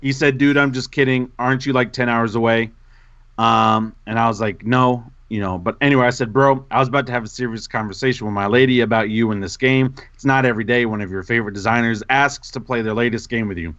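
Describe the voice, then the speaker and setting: A man co-hosts a casual gaming podcast and tells a story in a lively, self-mocking way. His voice sits mid-range and sounds close and dry, with a slightly dull, muffled tone. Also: medium pitch, quick pace, no room sound. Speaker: podcast co-host.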